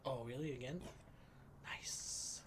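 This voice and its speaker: A man's voice: medium pitch, steady tone, slow, in a whisper. A man in his late thirties, co-hosting a sports podcast live stream, joking and riffing casually over beers. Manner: joking, banters and riffs. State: drinking beer while talking. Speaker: podcast co-host. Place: home live stream setup.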